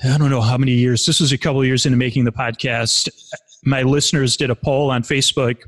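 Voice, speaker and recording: A man's voice: medium pitch, steady tone, fast. A man in his forties telling stories candidly in a casual, rambling way, with many restarts and fillers, as a podcast guest. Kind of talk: casual conversational storytelling.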